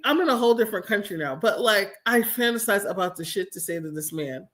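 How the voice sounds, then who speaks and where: A woman's voice: fairly high pitch, fast talker, hardly any pauses, pushed and bright. A woman in her forties hosting a livestream from home, telling a story in a blunt, emphatic, profane way. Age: 40s. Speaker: streamer host. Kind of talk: casual livestream talk.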